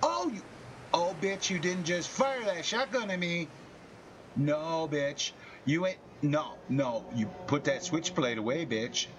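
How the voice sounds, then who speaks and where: A man's voice: fairly high pitch, expressive, takes it slowly, a bit bright, slight background noise. A man voicing an indignant, foul-mouthed male teddy bear in a game stream, squealing in outrage. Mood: outraged.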